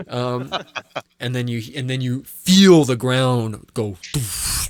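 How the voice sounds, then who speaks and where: A man's voice: mid-range voice, unhurried, heavy background noise. A man narrating as game master, rambling with restarts and acting out sound effects.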